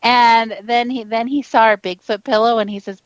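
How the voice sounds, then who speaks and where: A woman's voice: a little high, steady tone, moderate pace, no echo, lo-fi sound. A woman co-hosting a podcast, rambling through stories in a chatty way and laughing often. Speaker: podcast co-host. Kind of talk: casual storytelling chat.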